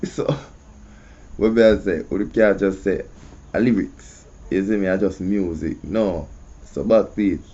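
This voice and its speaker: A man's voice: on the low side, slow pace, warm tone. A man with a Jamaican accent hosting casual commentary, often asking "you see me". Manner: conversational, repeats "you see me". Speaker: host. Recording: muffled lo-fi audio.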